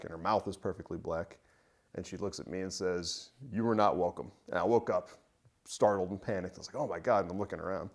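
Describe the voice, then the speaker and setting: A young man casually telling a personal army story, rambling with plenty of fillers. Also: sits low. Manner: loose and rambling, many fillers. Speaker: interviewee.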